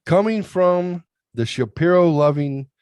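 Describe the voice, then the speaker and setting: A man's voice: a little high, expressive, unhurried, a little mellow, clear, resonant tone, dry recording. A man hosting a talk show, chatting crudely and rambling, often acting out other people's voices in his stories. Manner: profane, rambling, acts out voices in anecdotes. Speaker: podcast host. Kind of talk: crude comedic chat.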